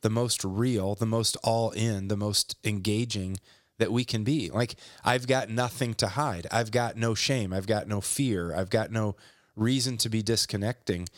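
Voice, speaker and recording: A man talking earnestly about faith, reading a passage aloud and then reflecting on it in measured phrases. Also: lowish voice, steady tone, no echo, clean studio sound. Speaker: podcast co-host. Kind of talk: faith-based reflective talk.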